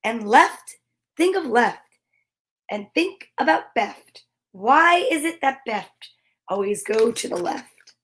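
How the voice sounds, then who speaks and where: High-voiced woman doing a comic read-aloud. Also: lively intonation, slow pace, fairly bright tone. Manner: sing-song rhyming reading broken by nervous, whispered comic asides. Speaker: comedian reading a children's book aloud.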